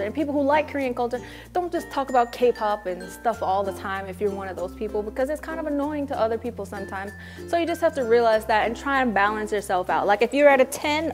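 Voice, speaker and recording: A young American woman vlogging casually to camera, chatty and slangy, mimicking people she quotes. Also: mid-range voice. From United States. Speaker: vlogger living in Korea. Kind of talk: casual vlog talk to camera.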